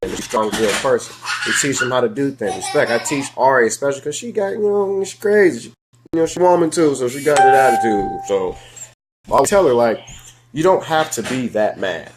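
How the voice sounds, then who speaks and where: Young male host, casual live-stream talk, animated and direct, mid pitch, faint background noise. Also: fairly quick. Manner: animated, swings from loud to low, speaks to viewers. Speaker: host of a live discussion show.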